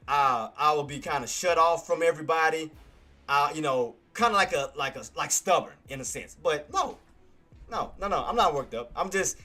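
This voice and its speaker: A male streamer giving live trading commentary, excitable, repetitive and quick to apologize. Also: on the high side.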